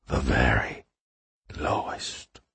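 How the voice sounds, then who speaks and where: A man's voice: sits low, sing-song, slow pace, exaggerated voice. A male narrator voicing a sly, suspicious leader of an underground community, speaking in a silky hiss. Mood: hushed. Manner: silky hissing voice; suspicious, cackling, grim.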